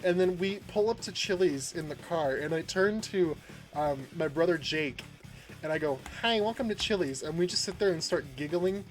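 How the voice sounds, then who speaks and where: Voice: mid-range voice, moderate pace. A game streamer chatting casually and rambling through a story, laughing often and greeting viewers by name. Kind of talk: casual livestream chat while gaming.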